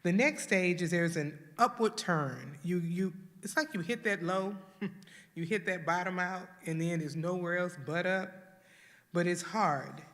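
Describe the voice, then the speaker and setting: A woman's voice: on the low side, a little slow, a bit bright. Woman from houston teaching a grief class at church, earnest, acts out what people say, long echo in the hall. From Houston, Texas. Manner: earnest, acts out grieving voices. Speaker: grief workshop leader.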